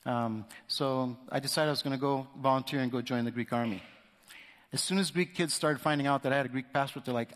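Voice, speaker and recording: A man's voice: mid-range voice, fairly even intonation, fairly quick, a bit bright. A man sharing a personal testimony as a guest speaker in church, telling the story vividly and acting out the voices of the people in it. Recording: echoey hall reverb.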